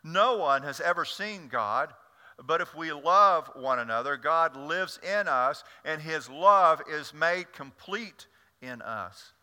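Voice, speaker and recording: A male pastor delivers a sermon with a very bright, sharp tone and a slightly higher-than-usual pitch. He tells stories animatedly, often tripping over repeated words. His voice rings with the long reverb of a church sanctuary. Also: takes it slowly. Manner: animated storytelling with frequent stammered repeats.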